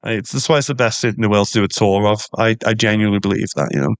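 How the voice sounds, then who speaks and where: A man's voice: on the low side, steady tone, rapid-fire, no echo. A man from Liverpool with a Scouse accent, telling local history as a tour guide in a casual interview, enthusiastic and given to repeating words. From Liverpool, England.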